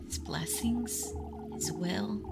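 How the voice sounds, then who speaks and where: A hoarse woman voicing a sinister old hag in whispered role-play, speaking slowly and menacingly over game music. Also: mid-range voice. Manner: slow, hushed and menacing.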